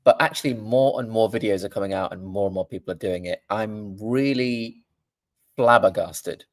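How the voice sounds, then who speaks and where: Low-voiced earnest male doctor guest. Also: quick pace, a little mellow, no echo. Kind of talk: live Q&A chat.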